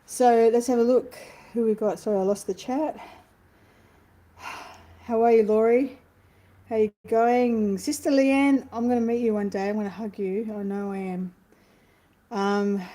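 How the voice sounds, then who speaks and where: An Australian woman chatting casually on a livestream, effusive and greeting viewers from the chat, her voice a bit worn and hoarse. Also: mid-range voice, mellow, poor audio. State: losing her voice. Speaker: livestream host. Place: apartment, indoors.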